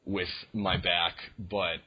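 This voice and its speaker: Low and level, with a slow pace and a breathy edge, a young male podcast co-host drifts through casual stories, restarting often and leaning on fillers. The recording is dull and lo-fi.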